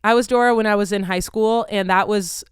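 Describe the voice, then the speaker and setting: A woman's voice: medium pitch, fairly even intonation, brisk, clear, resonant tone, no echo, studio quality. Casual young woman ranting with swears. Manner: candid, swears freely, lots of "like". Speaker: vlogger. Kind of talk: casual storytelling chat.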